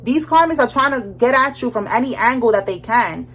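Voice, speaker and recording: A young woman giving a casual tarot reading, animated and slangy, often checking in with "all right?". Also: a little high, fairly quick, soft background music, low-quality recording. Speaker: tarot reader.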